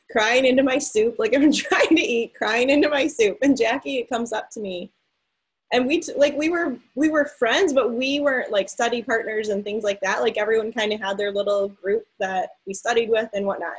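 A breathy, slightly husky woman in her thirties hosts a casual chat. She tells her stories in an animated way, full of likes, and acts out what people said. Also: fairly high pitch, rough recording. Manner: animated storyteller, many likes, acts out quotes. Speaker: host.

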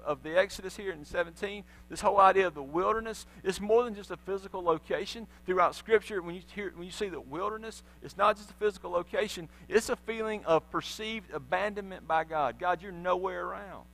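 A man preaches in church, retelling the story with energy and slipping into the voices of its people. His voice sits high and rings bright. A faint electrical hum runs under the recording. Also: fast, hardly any pauses, rough recording. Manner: animated storytelling, acting out voices of biblical figures. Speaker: pastor. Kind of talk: sermon. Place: church sanctuary.

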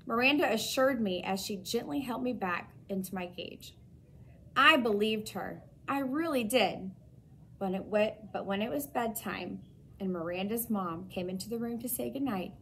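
A woman teacher reading a children's chapter book aloud with expressive, lively storytelling. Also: mid-range voice, unhurried, breathy edge.

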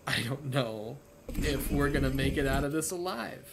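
A man giving profane, excitable let's play commentary, talking back to the game as he plays. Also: medium pitch, moderate pace, gravelly, heavy background noise. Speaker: gamer. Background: video game music and sounds.

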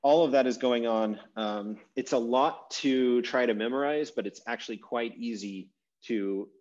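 A man teaching an online language class over a video call, talking in a relaxed, rambling way with fillers and restarts. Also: mid-range voice, a little slow. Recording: dull lo-fi video call audio.

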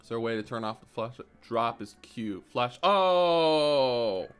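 A man giving casual, animated commentary while playing a store game, jumping to high excited exclamations and mock-polite shopkeeper lines. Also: measured pace, clean tone, faint music behind. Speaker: gaming YouTuber.

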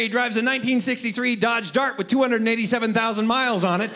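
A man's voice: very high voice, fast talker, few pauses, bright, forceful tone. A man doing a stand-up comedy routine, punchy and exclamatory, laughing at his own jokes.

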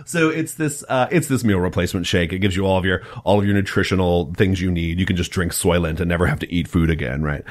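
Low-voiced, excitable male podcast host. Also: fast, few pauses. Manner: excitable, profane, gushing with ironic enthusiasm. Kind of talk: casual podcast chat.

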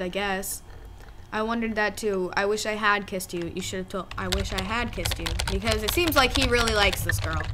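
A woman commenting on a game and reading its chat lines aloud, often squealing and laughing as she reacts. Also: medium pitch. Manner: animated, squealing and laughing at the story. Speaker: let's play gamer. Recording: loud music behind the voice.

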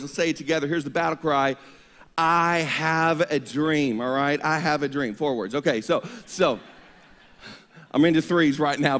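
A male pastor preaching an energetic sermon, leading the congregation in call-and-response. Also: fairly high pitch. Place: church sanctuary. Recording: long reverb of a church hall.

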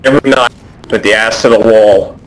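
A man's voice: fairly low pitch, steady tone, fairly quick, over a noisy crowd, low-quality recording. A young adult man playing a co-op game, joking and teasing in casual chat. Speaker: co-op gamer.

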